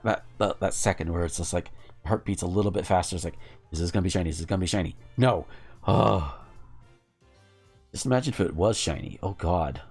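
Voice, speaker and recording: A young adult man from the American South, giving animated live commentary while gaming, cursing and laughing at the game. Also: fairly low pitch. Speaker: game streamer.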